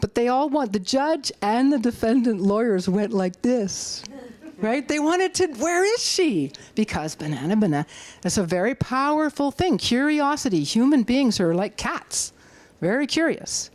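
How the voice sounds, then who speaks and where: At a moderate pace, a middle-aged Canadian woman gives an animated activist talk in a community hall, recorded dry. She rallies her listeners and dramatizes quotes in a high voice.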